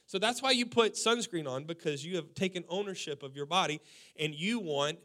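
A man in his forties, a pastor, preaching a sermon in an animated way, acting out quotes and laughing along with his own points. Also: fairly high pitch, moderate pace. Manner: animated preaching, quoting people in acted voices, laughing.

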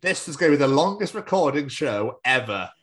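A man's voice: medium pitch, big pitch swings, brisk, a bit bright. A Scottish man co-hosting a podcast, rambling and giggling through sweary banter. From Scotland. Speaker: podcast co-host. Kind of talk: casual chat.

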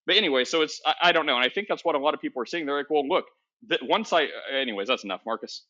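A man's voice: a little high, animated, rapid-fire, sharp tone. A man hosting a podcast in casual chat, rambling with many restarts and laughing at himself. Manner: rambling, self-correcting, laughs often. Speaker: podcast host. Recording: dull lo-fi sound.

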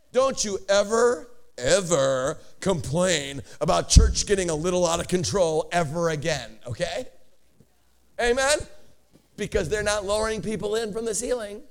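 A man preaching a sermon as a pastor, telling stories with rising energy and bursts of shouting. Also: sits high, normal speed. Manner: animated storytelling, building to shouts.

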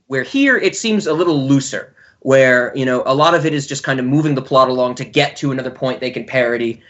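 A man's voice: mid-range voice, a bit bright, dull audio. A man hosting a podcast in casual chat, teasing his co-host and laughing often.

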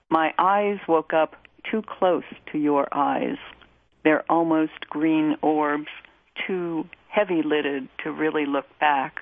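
A woman radio host reading a poem aloud in a measured, deliberate way and introducing a song. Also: low voice. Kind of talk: poetry reading and music introduction. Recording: tinny phone-like line.

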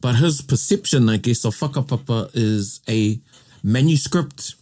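A man from New Zealand with a New Zealand accent, co-hosting a casual bilingual chat in a playful, animated way. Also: mid-range voice, a little slow. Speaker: co-host.

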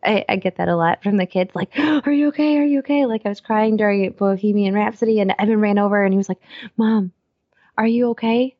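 A woman's voice: mid-range voice, fairly even intonation, quick pace, few pauses, no echo, highs cut off. A woman in her thirties, a co-host chatting casually and acting out her own reactions over a video call. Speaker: podcast co-host. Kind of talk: casual chat.

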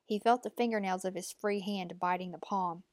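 A woman narrating an audiobook in a measured, tense storytelling manner. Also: medium pitch, steady tone, darkish tone, dry recording.

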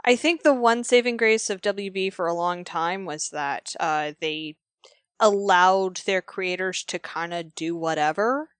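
A woman's voice: lowish voice, unhurried, smooth, no room sound. Laid-back woman podcast co-host, dry sound. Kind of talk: casual podcast chat.

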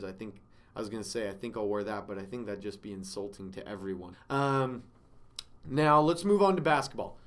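Excitable young man talking sports. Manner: excitable, jumps in pitch and volume when indignant. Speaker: sports show host. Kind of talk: casual sports commentary.

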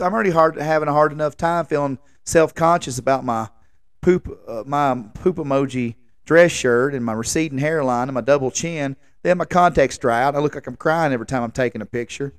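A man in his late thirties hosts a casual podcast, spinning exasperated, rambling tales and cracking jokes at his own expense. His voice sits at a plain, middle pitch. It is recorded close up in a dead, dry space. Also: clean tone, no room sound. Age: late 30s. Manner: exasperated, rambling, self-mocking banter. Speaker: podcast host. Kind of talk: casual comedic storytelling monologue.

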